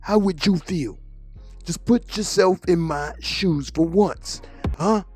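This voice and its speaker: A man's voice: mid-range voice, brisk, darkish tone, husky, soft background music. A man voicing an angry male gangster boss who presses his point in heated, rhetorical questions.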